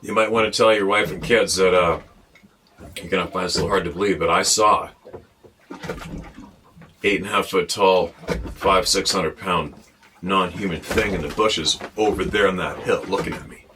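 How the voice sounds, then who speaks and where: A man's voice: low voice, fairly even intonation, moderate pace, pauses often, noisy background. A man hosting his show, ranting bluntly and with plenty of swearing, talking from a boat. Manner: blunt, profane and exasperated. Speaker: host. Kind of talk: ranting monologue to camera.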